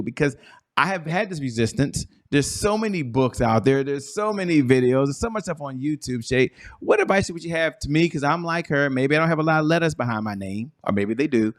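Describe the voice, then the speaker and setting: A man hosting a business talk show, energetic and playful, stretching words for emphasis. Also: fairly high pitch. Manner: hyped, playful, drawn-out emphasis. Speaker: show host.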